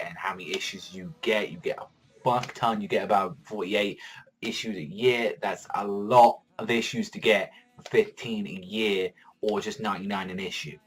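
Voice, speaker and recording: A man giving a casual, rambling spoken review, excitable and swearing constantly, often breaking into loud mock voices. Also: on the low side. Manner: jumps into shouted mock voices for characters. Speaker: manga reviewer.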